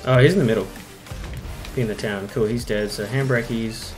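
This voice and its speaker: A man's voice: on the low side, brisk, over music. A man with an Australian accent chatting and swearing casually while streaming a tank game. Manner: swearing, animated banter. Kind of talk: casual live-stream chat.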